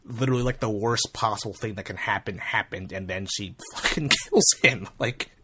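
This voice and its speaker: A man's voice: fairly low pitch, moderate pace, pushed and bright, husky. Chatty man co-hosting a podcast. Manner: chatty, reacts with short agreements. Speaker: podcast co-host. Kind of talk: casual chat.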